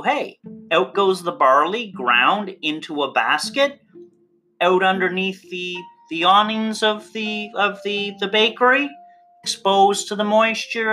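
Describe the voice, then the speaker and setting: Instructor, recorded lecture, crisp bright tone, playful sweeping emphasis, faint guitar music underneath. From Canada. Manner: playful, theatrical emphasis with big swings in pitch. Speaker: course instructor.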